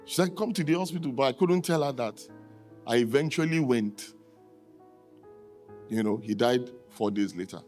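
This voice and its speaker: Middle-aged male pastor from Nigeria, sermon storyteller, mid voice, soft music underneath. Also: a little slow, long pauses. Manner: animated, acts out dialogue with sharp rises in pitch.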